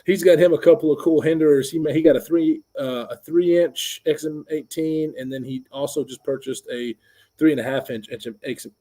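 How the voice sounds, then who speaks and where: A man's voice: on the high side, steady tone, a little fast, warm tone. A man co-hosting a casual chat, laughing often, swearing and tripping over his words. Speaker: co-host.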